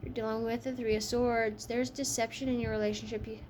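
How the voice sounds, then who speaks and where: A woman's voice: on the high side, flat delivery, brisk, a little mellow, a little hiss or hum. A woman giving a casual tarot reading, chatty and frank, tired from a long shift. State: tired, yawning. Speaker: tarot reader.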